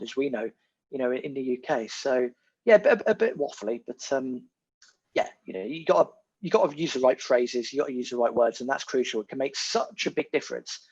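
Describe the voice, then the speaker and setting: A man, a podcast guest talking in a casual, animated and emphatic way, repeating his key words. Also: mid-range voice, a little fast, breathy edge. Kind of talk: casual conversation. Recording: muffled lo-fi audio.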